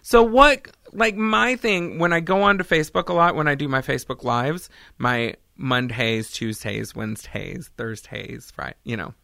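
A comedian hosting a casual chat, rambling and joking with quick tangents. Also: mid-range voice, vocal fry, bright, forceful tone, dry recording, studio quality. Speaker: comedian and host.

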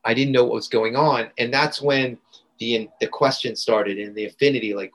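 Man guest, earnest storyteller, halting, mid-pitched voice. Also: fairly even intonation, fairly bright tone, low-quality recording. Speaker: podcast guest. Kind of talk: storytelling in a conversation.

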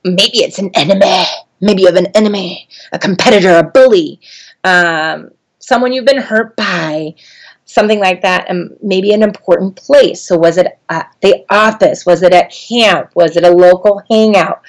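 A middle-aged woman trainer giving a talk on storytelling, conversational with frequent ums and getting animated as she tells a childhood story. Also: lowish voice, moderate pace. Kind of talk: instructional talk with personal story.

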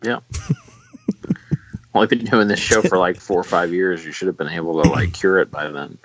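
A man's voice: sits low, steady tone, normal speed, rough recording. A man co-hosting a podcast in a casual chat, rambling with frequent ums and likes. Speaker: podcast co-host.

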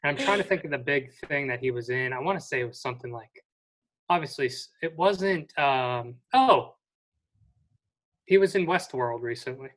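Podcast co-host, mid-pitched and conversational, casual film talk. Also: expressive, normal speed, a bit bright. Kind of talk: casual movie review chat.

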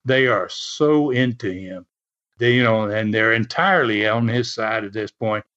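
A man's voice: fairly low pitch, a little slow. Man telling a chuckling wrestling story. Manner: animated, chuckling, fillers like "man". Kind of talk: casual storytelling. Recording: dull lo-fi recording.

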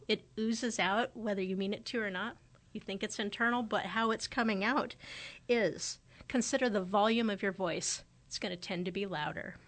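A woman's voice: mid-range voice, a bit bright. Reflective woman podcast host in her forties. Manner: conversational and thoughtful, often acting out quoted remarks. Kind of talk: casual reflective podcast talk.

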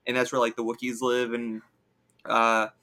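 A man's voice: mid-range voice, monotone, moderate pace, bright, forceful tone. A man co-hosting a podcast, chatting casually and enthusiastically, coming down with a cold. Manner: chatty, enthusiastic, filler-heavy. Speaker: podcast co-host. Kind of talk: casual chat.

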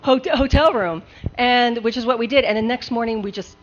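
Animated woman telling a comic story. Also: a little high, fast talker. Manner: animated, laughing often. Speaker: storyteller on a live show. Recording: dull lo-fi live recording with faint hiss.

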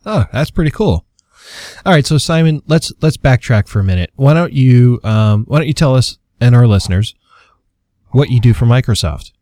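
A man's voice: mid-range voice, lively intonation, normal speed, warm tone, dry recording. Jokey male podcast host, dry sound. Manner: jokey, chatty, upbeat. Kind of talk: casual podcast chat.

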